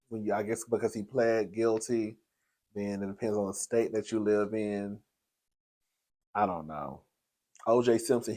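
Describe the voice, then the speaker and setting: A man's voice: mid-range voice, darkish tone. A man hosting casual gossip commentary, chatty and sassy, laughing often and calling the audience girl. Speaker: host.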